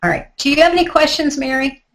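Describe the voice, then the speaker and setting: A woman's voice: sits high, very animated, fast, low-quality recording. Chatty woman guiding a tapping session. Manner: chatty, guiding step by step with asides. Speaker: tapping instructor. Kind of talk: live online workshop instruction.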